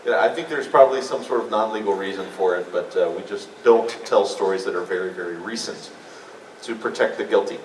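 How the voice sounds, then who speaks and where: A man on a convention panel telling a rambling, animated story to a live audience. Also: on the low side, fairly quick, a little hiss or hum. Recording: echoey room mic from far off.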